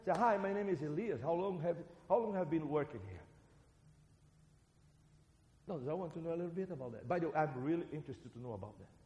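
A Brazilian-accented man preaches a sermon in a fairly high voice. He is animated, rising loud and dropping soft. His voice rings through a roomy hall with long reverb. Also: fast talker, pauses often. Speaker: preacher and seminary teacher.

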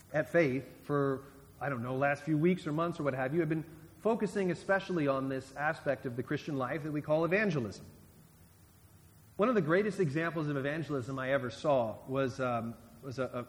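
A man delivers a sermon in a relaxed, conversational way, stopping and restarting and turning to asides with the congregation. His voice sits a little high for a man. Long reverb trails after each phrase in the sanctuary. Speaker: guest preacher.

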